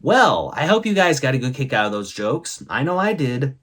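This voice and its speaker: Male comedy host, mid-pitched, playful and theatrical, corny one-liners over faint music. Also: sing-song, normal speed. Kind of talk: comedic joke-telling monologue.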